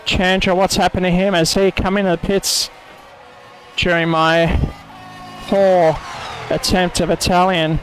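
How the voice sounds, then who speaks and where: A man's voice: high-pitched, flat delivery, unhurried, fairly bright tone, faint music behind, low-quality recording. A man commentating an online sim racing event, calling corners and penalties and mocking his own attempts at an Italian accent. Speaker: race commentator.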